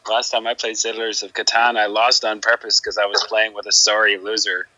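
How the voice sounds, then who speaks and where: A man's voice: on the low side, flat delivery, brisk, a loud crowd, low-quality recording. A man joining a gaming stream call, chatting casually and teasing the host. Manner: joking, teasing.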